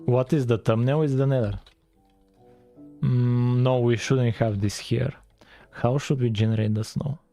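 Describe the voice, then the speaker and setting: Man, French-tinged accent, casual streaming chat, rambling with fillers, mellow tone, faint music behind. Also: medium pitch, steady tone, unhurried, long pauses. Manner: rambling, filler-heavy, chats with viewers. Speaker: game-dev streamer. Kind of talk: casual live-stream chat while coding.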